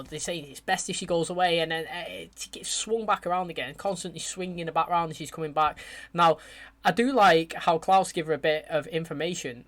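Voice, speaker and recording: A man from England, chatting casually and excitedly as he reacts to a TV episode. He talks in lively slang and swears freely. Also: fairly high pitch. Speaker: TV reaction youtuber.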